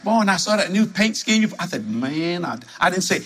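A man from New preaching a sermon full of stories, animated and laughing as he talks, jumping to high exclamations. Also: a little fast, hardly any pauses, noisy background. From New Orleans.

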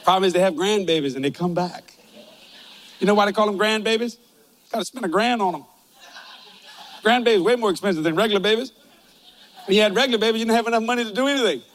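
Joking older preacher with a high voice. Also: male voice, quick pace, long pauses, a bit bright. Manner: folksy, joking, storytelling. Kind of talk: humorous sermon.

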